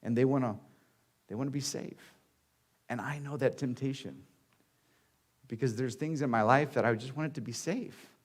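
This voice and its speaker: A man pastor delivering a sermon in a relaxed, conversational way. He acts out people's lines and leans on dramatic pauses to tell the story. His voice sits at an ordinary middle pitch for a man.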